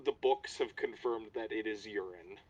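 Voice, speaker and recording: A man's voice: on the low side, moderate pace, dull audio, over a noisy crowd. A man playing a tabletop game, making crude jokes. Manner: crude joking. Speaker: player. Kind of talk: casual chat at a game table.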